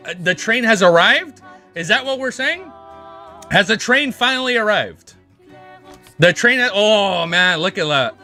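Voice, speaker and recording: A man hosting a casual livestream, chatting in an excitable, rambling way and swearing freely. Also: high voice, a little slow, long pauses. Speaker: livestream host. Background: faint background music.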